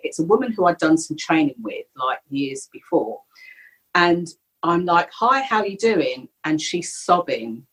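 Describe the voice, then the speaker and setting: Middle-aged woman, low and slightly husky, candid guest sharing a personal story. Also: low-quality recording. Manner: candid, reflective, animated when retelling. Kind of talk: personal storytelling in a podcast interview.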